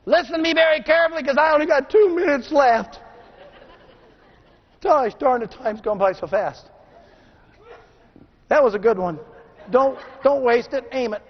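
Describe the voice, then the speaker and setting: A middle-aged man with a strikingly high voice gives a motivational speech to an audience in a large room, repeatedly demanding call-and-response answers. At a moderate pace with frequent pauses, he swings between loud shouted exhortation and low, hushed intensity. The recording is dull and lo-fi with a long reverb tail.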